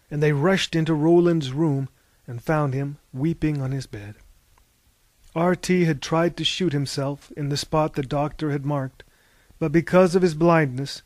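A man narrating an audiobook in a measured storytelling voice. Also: on the high side, darkish tone, dry recording.

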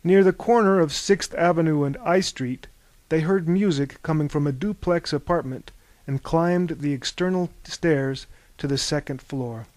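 A man narrating a story, reading with lively voices for its many characters. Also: unhurried, dry recording. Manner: animated, bursts into loud high character shouts. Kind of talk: audiobook narration.

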